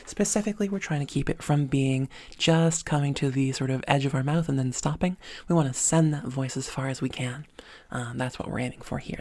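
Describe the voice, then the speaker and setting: A woman's voice: extremely low pitch, darkish tone. A woman voice coach talking at a desk microphone, explaining exercises step by step in an upbeat way. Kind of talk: spoken voice lesson.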